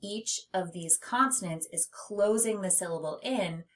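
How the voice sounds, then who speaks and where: A woman teaching a phonics lesson, speaking slowly and stretching words out syllable by syllable. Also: medium pitch. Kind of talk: slow, clear classroom instruction.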